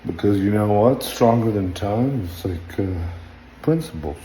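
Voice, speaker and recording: A sleepless man rambles into his phone camera at home late at night, drifting from low mutters to sudden loud outbursts. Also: animated, measured pace, a little hiss or hum. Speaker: social media personality. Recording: roomy echoey room, faint ambience.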